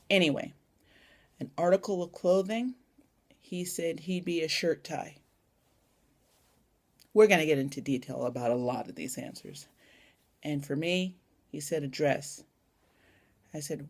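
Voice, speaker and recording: A woman's voice: sits low, lively intonation, unhurried, long pauses, husky. A young woman chatting casually in a vlog tag, rambling and adding little asides, recorded on a phone camera. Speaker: vlogger.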